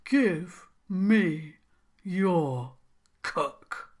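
Storybook troll king: huge, gruff, stubborn, short blunt answers; a woman puts him on. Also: medium pitch, sing-song, drawn-out words.

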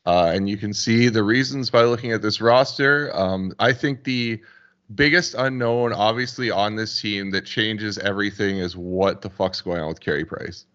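A man co-hosting a casual hockey podcast, joking and talking in quick bursts. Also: on the low side, a bit bright. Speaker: podcast co-host. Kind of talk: casual sports chat. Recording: dull lo-fi sound.

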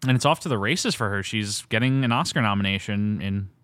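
A man's voice: fairly low pitch, expressive, fairly quick, fairly bright tone, no room sound. A man hosting a casual film podcast, rambling and enthusiastic, laughing often. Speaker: podcast host.

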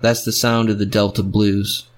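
Devil at the crossroads: low, level, measured, quietly menacing; a man reads him. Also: flat delivery, lightly acted. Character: the devil, tall barrel-chested man, calm and menacing.

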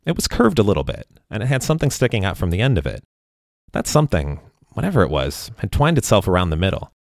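A man narrating a first-person story in a wry, deadpan way. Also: lowish voice, fast talker, vocal fry, no echo, clean studio sound.

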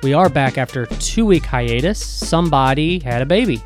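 A man's voice: medium pitch, animated, moderate pace, over music. A man co-hosting a casual podcast chat, upbeat and chatty. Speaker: podcast co-host. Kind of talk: casual podcast chat and read sponsor promo.

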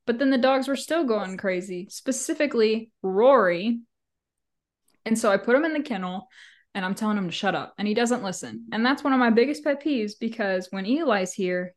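A woman co-hosting a podcast in casual chat, blunt and swearing freely, laughing often. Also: medium pitch. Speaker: podcast co-host.

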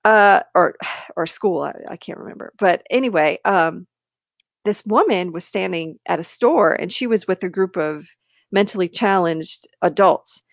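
Woman, podcast co-host, candid animated storyteller, close dry mic. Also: fairly low pitch, a little slow, no room sound. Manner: animated, candid, laughs between sentences. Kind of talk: casual storytelling chat.

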